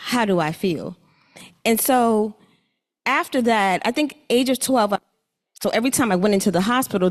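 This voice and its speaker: A young woman telling her own story at a conference, earnest and a little halting. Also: mid-range voice. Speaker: summit speaker. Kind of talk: personal talk at a conference. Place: conference hall. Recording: long hall reverb.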